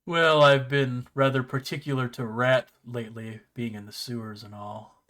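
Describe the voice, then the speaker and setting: A man voicing a sly, well-mannered talking house cat in a tabletop game, with a slow, courteous drawl and a hungry edge. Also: medium pitch, steady tone, fairly bright tone, lightly acted. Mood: sly, polite. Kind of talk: game master voicing a character.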